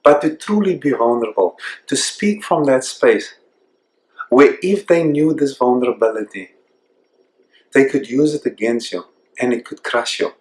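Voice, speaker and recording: A man hosting a self-discovery program, speaking earnestly and reflectively and slowing down to stress key points. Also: medium pitch, expressive. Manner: earnest, reflective, slows down for emphasis. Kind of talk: motivational talk to camera. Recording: echoey room.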